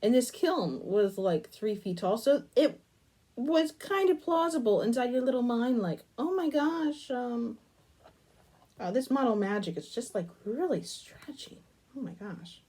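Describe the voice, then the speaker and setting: A woman's voice: a little high, lively intonation, measured pace, warm tone. A young adult woman chatting casually as she works with clay, wandering between her task and a long childhood story. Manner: rambling storytelling, asides about her work. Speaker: crafting channel host. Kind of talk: casual chat while crafting.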